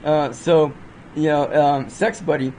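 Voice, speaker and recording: A man's voice: a little high, fairly even intonation, measured pace, a little mellow, slight background noise, poor audio. A man casually reviewing movies off the cuff, rambling with many fillers and restarts.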